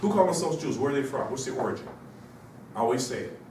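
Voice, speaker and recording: A male instructor with a cold delivers a rambling lecture in a university classroom, peppering his students with rhetorical questions. His voice is medium-pitched and a little mellow, with lively intonation and a fast delivery. He sounds distant from the mic in a very echoey room, with a faint hiss underneath.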